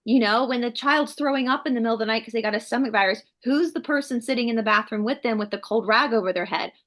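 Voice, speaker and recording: A woman from the States, co-hosting a casual chat and telling stories in an animated way, acting out what people said. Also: on the high side, quick pace. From Southern United States. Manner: animated storyteller, acts out quotes. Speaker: co-host. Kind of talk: casual conversation.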